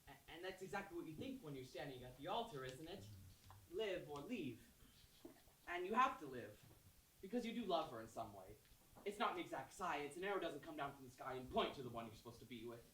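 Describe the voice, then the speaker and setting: Guy doing a talky theater-nerd type, lively voice, bright, stage mic far off and echoey. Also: fairly high pitch, a little fast. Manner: chatty, confiding, building to shouting rant. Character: man obsessed with a cast record, bitter about his marriage. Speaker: narrator character, musical fan. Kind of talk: stage musical acting, addressing audience. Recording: roomy stage sound from afar, faint noise.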